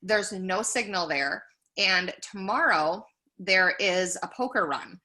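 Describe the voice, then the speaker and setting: A woman's voice: mid-range voice, slow, pushed and bright. A woman co-hosting a podcast in casual chat, rambling with lots of "like". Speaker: podcast co-host.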